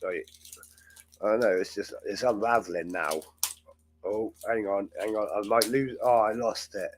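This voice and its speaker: A man's voice: fairly low pitch, normal speed, slight background noise. A man hosting a live chat show, talking in a rambling, chatty way and laughing often. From England. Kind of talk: casual live-stream chat.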